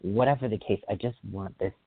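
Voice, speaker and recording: Man, deep voice, rambling excitable podcast chat, dry tinny phone-like recording. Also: breathy edge, no room sound. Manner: excitable, rambling, quick to apologize. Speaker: podcast host. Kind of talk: casual solo podcast chat.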